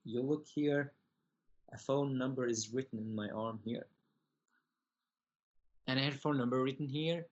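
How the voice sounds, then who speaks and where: A young man from Syria, telling his personal story as a podcast guest in earnest, halting, broken English. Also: mid-range voice, vocal fry, dull audio.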